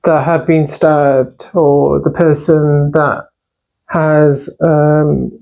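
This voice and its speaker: A woman's voice: deep voice, little pitch movement, extremely slow, creaky, warm tone, lo-fi sound. A woman co-hosting a podcast, speaking earnestly and emphatically in casual talk. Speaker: podcast co-host. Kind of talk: casual discussion.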